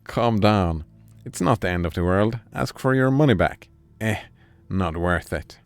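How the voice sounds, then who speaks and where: Deep gravelly man streaming a game. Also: expressive, normal speed, no echo. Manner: chatty, thinks aloud and talks to chat. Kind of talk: casual gameplay commentary.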